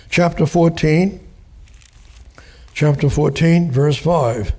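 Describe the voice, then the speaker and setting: A man teaching the Bible verse by verse, slow and deliberate, spelling out and repeating key words. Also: on the high side, darkish tone.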